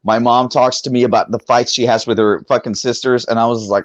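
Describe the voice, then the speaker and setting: A man's voice: mid-range voice, fairly even intonation, a little fast, no room sound, dull audio. A man who is a comedian, talking on a panel in a rambling, profane, joking way. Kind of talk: casual panel chat.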